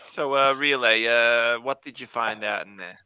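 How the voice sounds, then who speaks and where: A man's voice: mid-range voice, normal speed, sharp tone, clean tone, no room sound. A man playing in a casual tabletop role-playing game, who asks questions and keeps steering the talk along. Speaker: player.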